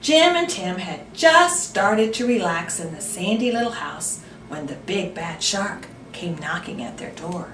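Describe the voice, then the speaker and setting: A woman reading a children's picture book aloud at an unhurried pace, her voice rising and falling animatedly. She turns to the young listeners with questions. The recording is roomy and distant, with a faint hiss. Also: mid-range voice, expressive. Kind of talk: children's storytime read-aloud.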